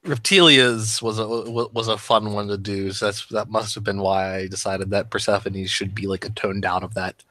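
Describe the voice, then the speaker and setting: A man who voices characters, talking shop in a casual podcast chat, animated and swearing freely. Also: on the low side, normal speed, dry recording. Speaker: voice actor discussing his roles.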